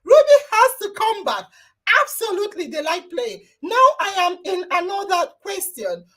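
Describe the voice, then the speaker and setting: A very high-pitched woman hosts a live online talk show over a video call. Her voice leaps up and down as she exclaims, cheers and praises her listeners loudly. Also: big pitch swings, normal speed. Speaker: podcast host.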